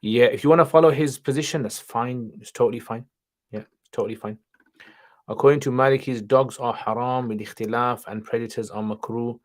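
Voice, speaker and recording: A man's voice: mid-range voice, steady tone, fairly quick. A man hosting a casual livestream, reading viewers' questions aloud and answering them offhandedly, sprinkling in Arabic greetings and religious terms. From studied nine years in Pakistan, now in England.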